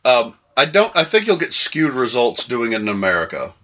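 A man's voice: mid-range voice, big pitch swings, normal speed, fairly bright tone. A man co-hosting a casual comedy podcast, joking and profane while reading sponsor spots. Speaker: podcast co-host. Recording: dull lo-fi podcast audio.

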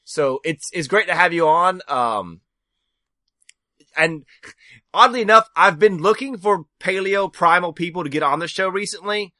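A man hosts a casual podcast interview, stumbling through his thoughts with ums and restarts. His voice sits slightly high and sounds bright, recorded close and dry. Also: animated, dry recording. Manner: halting, many ums and restarts. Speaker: podcast host.

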